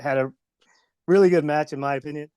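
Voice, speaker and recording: A former pro wrestler with a slight Southern US accent tells rambling stories as an interview guest, often laughing and doing voices. His high-leaning voice is warm, clear and resonant, with fairly even intonation and a brisk pace. The recording is dry and dull.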